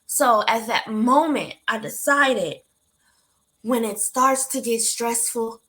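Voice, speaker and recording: A woman with a slightly high, bright and forceful voice tells a candid story on her talk show. She speaks to her listeners directly, animated and heartfelt, with a motivational drive. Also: slow pace. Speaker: host of a talk show for women.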